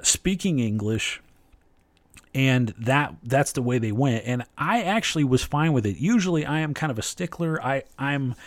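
A man in the middle of a casual spoken review, talking at a mid-range pitch in a plain everyday voice. He comes across as conversational and opinionated, working out his thoughts aloud. The sound is dry and close, with little room around it. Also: dry recording. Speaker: TV and film reviewer.

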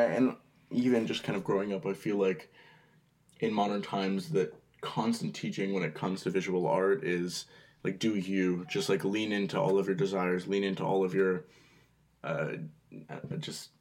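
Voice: low-pitched, a little mellow. A co-host in their twenties from the United States, chatting on a podcast in a rambling, hesitant way with many fillers. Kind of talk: casual chat.

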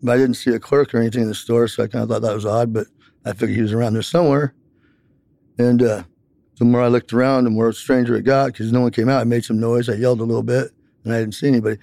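A man's voice: medium pitch, flat delivery, fast, vocal fry, dark tone, dry recording. A man telling a long personal account in an interview, rambling with many fillers.

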